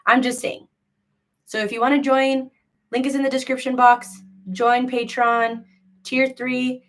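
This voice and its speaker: Her voice sits high and fairly bright, delivered flatly and without hurry, as this young woman hosts a crochet live sale. She rambles through casual stream chat, gossiping candidly and leaning on many fillers, especially "like."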